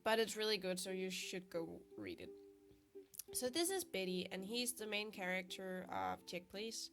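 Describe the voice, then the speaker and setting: A woman's voice: medium pitch, lively intonation, normal speed. A young woman with a sick voice, chatting casually and laughing at herself as she narrates her drawing process. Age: young adult. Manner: chatty, self-deprecating, laughs often. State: sick, congested voice. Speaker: art vlogger. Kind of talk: casual voice-over while drawing. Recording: faint guitar music behind. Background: soft guitar music.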